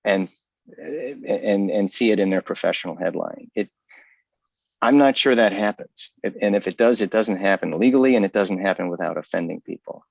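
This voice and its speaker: A man's voice: low voice, moderate pace, gravelly, a little mellow, slightly rough, no room sound, dull audio. A man giving an earnest, articulate talk over a video call, often restarting his sentences. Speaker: guest speaker. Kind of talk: casual virtual talk.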